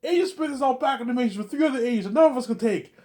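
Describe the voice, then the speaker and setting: A man acting out a furious young male rebel fighter in a story he tells, shouting in a high, strained voice. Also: racing. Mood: furious, mocking.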